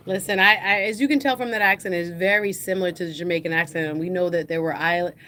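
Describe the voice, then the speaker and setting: A woman's voice: lowish voice, steady tone, fast, background noise. A woman hosting a livestream, chatting through the news in a casual, hesitant way with many fillers. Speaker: host.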